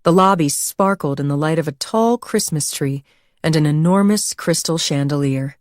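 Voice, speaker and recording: Low-voiced woman narrating an audiobook. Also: moderate pace, no echo, studio quality. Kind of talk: scripted narration.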